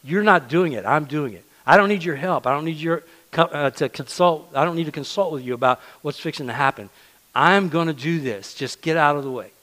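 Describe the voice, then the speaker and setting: Stern, exasperated male God scolding his prophet, loud and pitched up as a preacher puts him on, firing rhetorical questions. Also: very animated, normal speed, few pauses. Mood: insistent.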